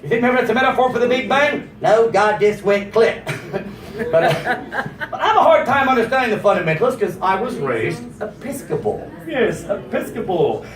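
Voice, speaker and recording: Stand-up comic, male, high and very lively delivery, roomy distant stage sound. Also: brisk. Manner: animated, jumps into exaggerated character voices. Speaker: stand-up comedian. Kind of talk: stand-up comedy routine. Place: comedy stage before a live audience.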